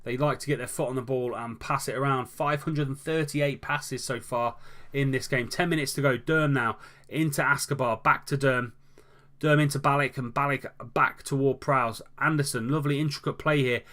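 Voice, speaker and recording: A man's voice: medium pitch, steady tone, moderate pace, a bit bright. Guy playing a football manager game, commentating the match like it's live, voice lifts at the goals. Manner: calls the match like a commentator, lifting his voice at goals.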